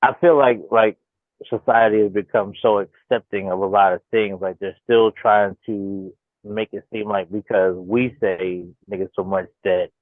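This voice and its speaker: A man with a lowish voice joins the panel over a tinny, phone-like line with a dry sound. He talks loosely, in slang and with plenty of filler. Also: steady tone, moderate pace, no echo. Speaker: panel guest. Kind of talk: casual online panel chat.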